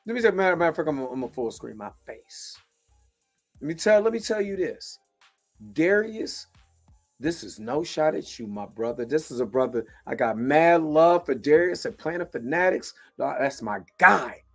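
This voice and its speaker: Animated male video host, lively pitch. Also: moderate pace, soft background music. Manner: loose, repetitive, lots of filler phrases; animated, jumping between soft and loud. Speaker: show host. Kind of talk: casual video commentary.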